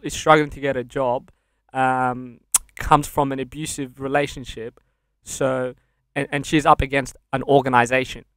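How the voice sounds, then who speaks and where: A man's voice: medium pitch, no room sound, studio quality. Candid Sudan-born man telling his story. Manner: candid, laughs through dark memories, swears casually. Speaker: podcast guest. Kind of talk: casual interview storytelling.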